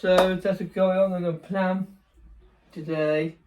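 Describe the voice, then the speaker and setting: A man's voice: sits high, flat delivery, slow pace, phone-quality sound. A young man chatting casually in a vlog, rambling, correcting himself and laughing often. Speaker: vlogger.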